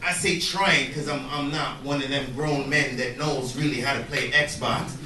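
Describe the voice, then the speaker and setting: A man's voice: medium pitch, steady tone, a little slow. A man doing a profane, conversational stand-up set who keeps asking "right?" as he tells his story. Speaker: stand-up comedian. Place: comedy club stage before a live audience. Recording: roomy club, mic far off, loud crowd.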